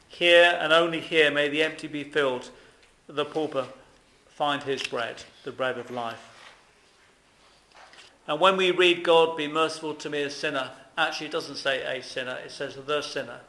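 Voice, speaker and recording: A man's voice: on the high side, a bit bright, echoey room. A man preaching a sermon earnestly, with emphatic repetition and rhetorical questions to his congregation.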